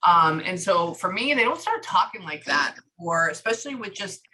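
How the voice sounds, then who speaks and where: A woman giving a psychic reading, relaying a spirit's words in chatty, lively bursts. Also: lowish voice, moderate pace, a little hiss or hum, poor audio. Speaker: psychic medium.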